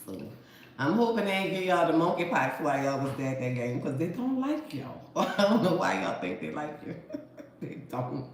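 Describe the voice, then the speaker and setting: A woman's voice: deep voice, big pitch swings, moderate pace, a little hiss or hum. A woman with a New Orleans accent chatting casually to her viewers, folksy and talkative, calling them honey and baby. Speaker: vlogger. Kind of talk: casual chat to camera. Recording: echoey room with faint ambience.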